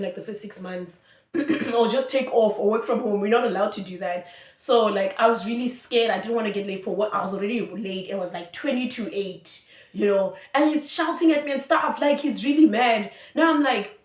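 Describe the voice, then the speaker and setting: A young South African woman telling a story in a chatty, animated way, full of fillers. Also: fairly high pitch, echoey room. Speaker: YouTuber. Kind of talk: storytime vlog.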